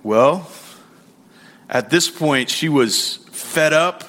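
A man's voice: fairly high pitch, measured pace, fairly bright tone. A man in his forties preaching a sermon in a church, praying and telling stories in a conversational way, with many fillers and repeated words. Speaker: pastor. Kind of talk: sermon with prayer and anecdotes. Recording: long hall reverb.

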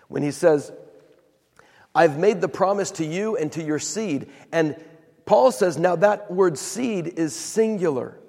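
A man preaching a sermon in a church, his slightly high voice gravelly and husky. He tells the story with animated retellings of the characters' words, and a long hall reverb trails behind him. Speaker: pastor.

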